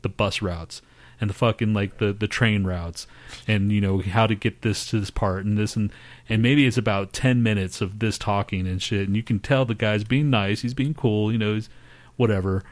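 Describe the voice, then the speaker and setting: A man's voice: steady tone, normal speed. A man co-hosting a podcast, telling a profane, laughing story and mimicking people. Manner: profane, laughing, mimics others in high voices. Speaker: podcast co-host. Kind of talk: casual storytelling chat.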